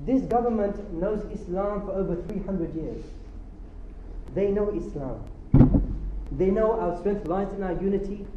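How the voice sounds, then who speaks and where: A man's voice: sits high, measured pace, pauses often, heavy background noise. A man giving a religious lecture, impassioned and rhetorical, asking his audience questions. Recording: roomy lo-fi lecture hall recording.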